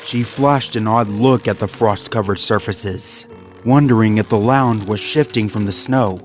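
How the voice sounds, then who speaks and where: A man's voice: fairly low pitch, measured pace. Man narrating a creepy story. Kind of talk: horror story reading. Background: faint background music.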